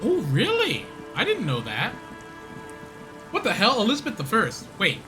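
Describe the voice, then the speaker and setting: A man's voice: sits high, huge pitch swings, moderate pace, music in the background. A man streaming a game, rambling casually, laughing and mocking himself. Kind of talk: casual gameplay commentary.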